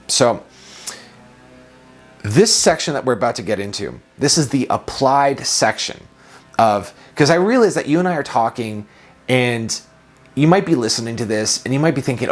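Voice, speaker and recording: A man in his thirties, a productivity coach, giving a reflective self-help talk full of questions and repeated phrases. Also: mid-range voice.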